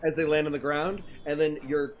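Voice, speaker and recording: A man's voice: a little high, steady tone, a little fast, faint music behind. A man narrating a tabletop game as game master, hesitant, with many ums and frequent laughs.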